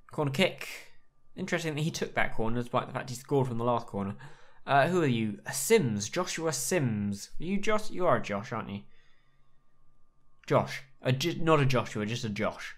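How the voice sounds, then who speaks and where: A man casually commentating on his own football management game, chatty and quick to react to every play. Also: medium pitch. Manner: excitable, chatty, reacts aloud to the match. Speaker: gaming YouTuber playing a football management game. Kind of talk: casual live commentary on gameplay.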